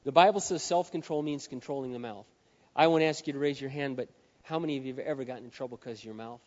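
A male pastor delivering a sermon to a live audience in a large hall. He drops to hushed lines, then builds to shouts. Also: mid-range voice, fast talker. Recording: dull, reverberant hall sound.

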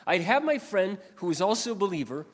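A man preaching a sermon in a storytelling way, animated and swinging between loud passages and quiet asides. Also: sits high, brisk, in a large hall. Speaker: pastor.

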